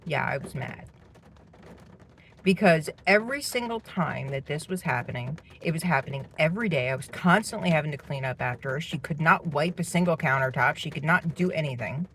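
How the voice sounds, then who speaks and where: A woman's voice: low-pitched, lively intonation, fairly quick, a bit bright, a little hiss or hum. A middle-aged woman venting indignantly as she tells a personal story about her household. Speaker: parent telling a personal story. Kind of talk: personal vlog monologue.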